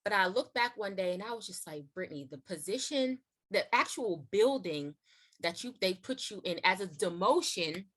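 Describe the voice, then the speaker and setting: A young woman hosting and telling a personal testimony in a casual, chatty way, full of "like" and "you know", acting out quoted lines in a high voice. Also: moderate pace. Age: young adult. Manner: acts out quotes in a high excited voice. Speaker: host sharing her testimony.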